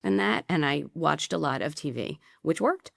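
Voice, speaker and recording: A middle-aged woman, a podcast guest, telling a personal story candidly with quick asides. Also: sits low, lively intonation, vocal fry, no room sound, studio quality.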